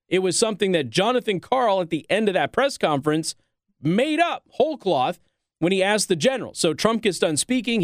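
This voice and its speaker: A man's voice: sits high, dry recording, studio quality. A man hosting a political talk show, delivering opinionated commentary and mocking others in quoted voices.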